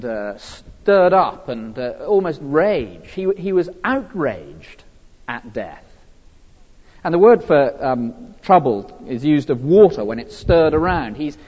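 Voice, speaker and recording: Earnest preacher in echoey hall. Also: male voice, on the high side. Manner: earnest, animated, with frequent fillers and restarts. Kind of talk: sermon. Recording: dull, lo-fi recording with long hall reverb.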